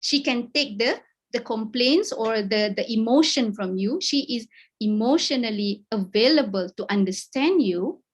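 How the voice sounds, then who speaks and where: A woman's voice: a little high, animated, moderate pace. A middle-aged woman with a Malaysian accent giving an encouraging talk over a video call, mixing English and Malay and checking in often with "okay?". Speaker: guest speaker. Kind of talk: webinar talk.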